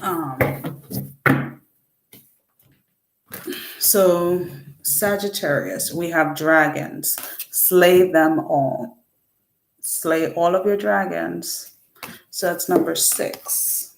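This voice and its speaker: A woman's voice: on the low side, drawn-out words, vocal fry, pauses often, echoey room. A woman giving a casual tarot reading, rambling and correcting herself as she talks to her viewers. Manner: rambling, self-correcting, chatty. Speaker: tarot reader.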